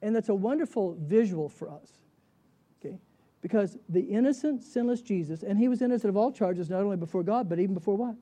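A man teaching a sermon, animated and chuckling, who keeps putting rhetorical questions to his listeners. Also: high-pitched, fairly quick. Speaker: Bible teacher.

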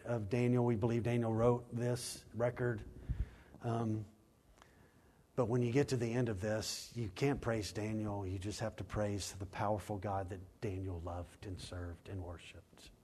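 A man preaching a sermon, dropping to slow, quiet emphasis and climbing to loud, raised scripture reading, with quick acted asides. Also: lowish voice, steady tone, slight background noise. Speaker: pastor.

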